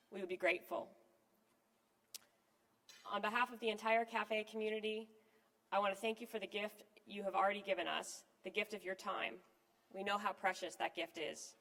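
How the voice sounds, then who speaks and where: A woman gives a prepared fundraising appeal at an event, her delivery measured and earnest. Her voice sits at an ordinary middle pitch. A long hall reverb trails after each phrase. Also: fairly bright tone. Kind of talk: scripted fundraising speech. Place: event venue with live and online audience.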